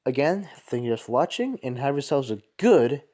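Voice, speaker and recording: A man's voice: medium pitch, big pitch swings, normal speed, dark tone. A man hosting a casual soccer review show, talking in a rambling, chatty way and often correcting himself. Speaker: host.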